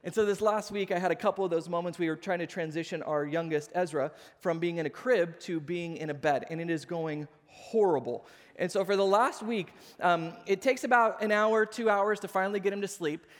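Pastor in his thirties, high-pitched male voice, sermon full of acted-out anecdotes, echoing sanctuary. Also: brisk, few pauses. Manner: animated storytelling, acts out voices. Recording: long hall reverb.

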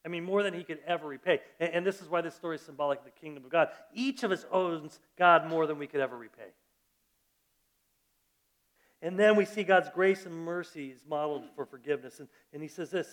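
A male pastor preaching a sermon, telling a story in a lively way and often restarting his phrases. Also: on the high side, fast, hardly any pauses. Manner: animated storytelling with repeated restarts.

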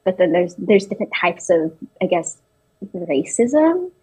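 A woman's voice: on the low side, sing-song, measured pace, a little mellow, husky, low-quality recording. A young woman in her twenties, telling personal stories in casual talk, hesitant with many restarts and fillers. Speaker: interviewee.

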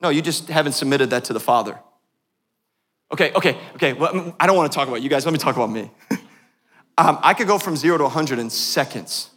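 A passionate male pastor with a high voice, preaching to his church. He moves between quiet, intimate moments and fervent, climbing peaks, and jokes with the congregation along the way. His voice rings with the long reverb of a large church hall. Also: expressive, quick pace. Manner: passionate preaching that swings from hushed to loud. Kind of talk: sermon. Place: church sanctuary.

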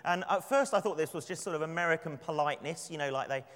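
A man from London with an English accent, preaching a sermon and telling personal stories in a relaxed, conversational way. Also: a little high, fast. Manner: conversational, anecdotal, with light laughs. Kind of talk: sermon with prayer and storytelling. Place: church. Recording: long church reverb.

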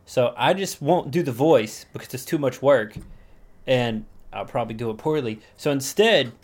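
A man's voice: medium pitch, expressive, normal speed. A man co-hosting a casual podcast with a laid-back, crude, self-mocking way of talking. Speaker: podcast co-host. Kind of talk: casual chat.

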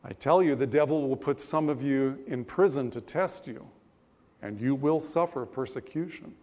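A male pastor preaching a sermon in a relaxed, conversational way, with pauses and asides. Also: medium pitch. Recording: long church-hall reverb.

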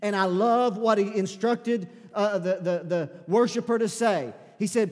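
A man preaching a sermon as pastor in a church, building to shouted fervor. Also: high-pitched, measured pace, few pauses. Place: church sanctuary. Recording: long hall reverb.

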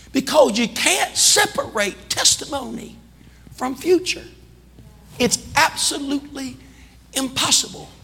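A man preaching a sermon as pastor, calling out to the congregation and building into shouting. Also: very high-pitched, vocal fry, husky, in a large hall. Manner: calls out to the congregation. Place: church sanctuary.

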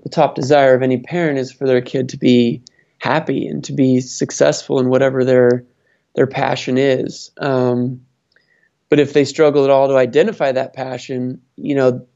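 A man's voice: medium pitch, level tone, moderate pace, warm tone. Thoughtful man with a dull lo-fi sound. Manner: thoughtful, with many fillers and restarts. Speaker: guest advising family businesses. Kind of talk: conversational interview answers.

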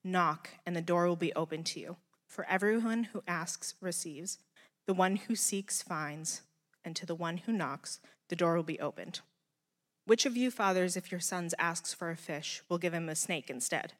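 A woman reading scripture aloud in a measured, deliberate way. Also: on the low side, in a large hall.

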